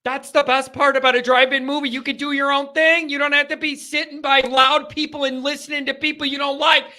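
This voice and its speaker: High-pitched, bright, emphatic male host. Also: fairly quick. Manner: animated, emphatic, repeats phrases for effect. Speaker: host of a fan call-in show. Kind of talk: live fan talk show.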